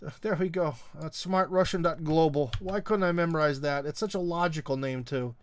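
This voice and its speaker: A man's voice: on the high side, fairly quick, clean tone, dry recording. A middle-aged man hosting a live stream, chatting casually and reading viewer comments in a rambling, wry way, full of ums and uhs. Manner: wry, teasing.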